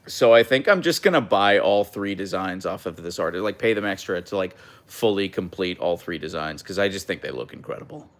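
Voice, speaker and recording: A young man hosting a casual livestream, chatting and reading out viewer comments in a relaxed way. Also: low voice, brisk, few pauses. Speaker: livestream host reading chat. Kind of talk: casual live chat.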